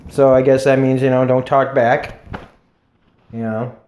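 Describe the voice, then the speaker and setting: A man's voice: mid-range voice, little pitch movement, measured pace, a little mellow. Rambling, profane man in an echoey room. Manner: rambling, profane, with many fillers. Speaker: TV episode reviewer. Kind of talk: casual solo video review. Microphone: camera mic. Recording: roomy echo.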